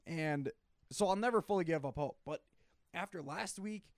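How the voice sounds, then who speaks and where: A man in a casual sports debate who is losing his voice, animated, often clearing his throat and restarting his sentences. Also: fairly high pitch, moderate pace, no room sound. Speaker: sports talk co-host.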